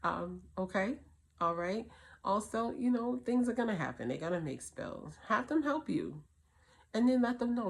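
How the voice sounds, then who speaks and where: A woman's voice: medium pitch, lively intonation, moderate pace, vocal fry, slightly rough. A middle-aged woman hosting a casual advice talk for single mothers, telling stories and acting out her kids' voices and her own. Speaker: host.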